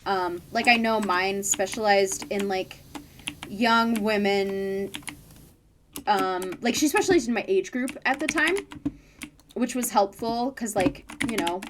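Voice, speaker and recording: A woman's voice: medium pitch, takes it slowly, noisy background. A woman in her twenties chatting candidly while streaming a game, full of "like" fillers. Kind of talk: casual chat while gaming.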